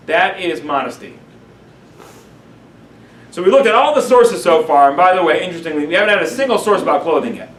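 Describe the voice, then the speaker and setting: A man with a high-pitched voice gives a lively class lecture as a rabbi and acts out his examples for the room. He sounds a little distant from the microphone, and the room adds a noticeable echo. A faint background noise sits under his voice. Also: brisk, long pauses.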